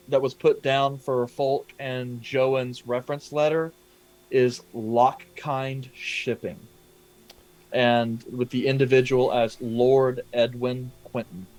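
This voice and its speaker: A man narrating a tabletop game as game master, pausing often with ums and uhs. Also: medium pitch, darkish tone, rough recording. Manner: hesitant, many ums and uhs.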